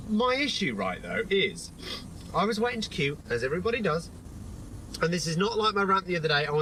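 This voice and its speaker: A man's voice: on the high side, noisy background. A man filming a rambling, exasperated rant from inside a car. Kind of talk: ranting vlog to camera.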